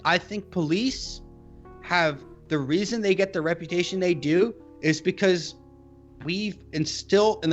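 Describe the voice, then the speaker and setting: A man co-hosting a podcast, chatting casually in a rambling, profane, animated way. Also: sits high, dull audio. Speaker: podcast co-host.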